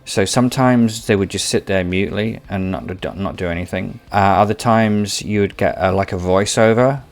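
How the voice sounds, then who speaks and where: A man with a fairly low voice talks through an AI video tool like a tutorial host. He rambles, circles back and repeats himself as he hunts for words. The delivery stays casual and unscripted. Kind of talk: tutorial commentary.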